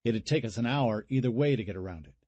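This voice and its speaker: A man's voice: mid-range voice, lively intonation, fast, warm tone, slightly rough, no echo, dull audio. A man voicing a weary, rattled older brother who is a cop, in an audiobook. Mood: exasperated. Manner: exasperated, curt.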